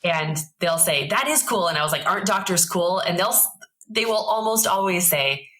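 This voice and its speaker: A woman in her thirties, a podcast guest telling a story in a casual, animated way and acting out the voices of the people in it. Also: on the low side, moderate pace, low-quality recording.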